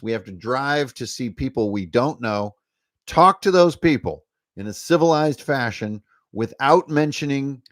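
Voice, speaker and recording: Folksy drawling man, rambling vlog chat. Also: mid-range voice. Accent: folksy rural American drawl. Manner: jokey, profane, self-mocking asides. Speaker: tabletop game designer and channel host. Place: indoor studio with shelves.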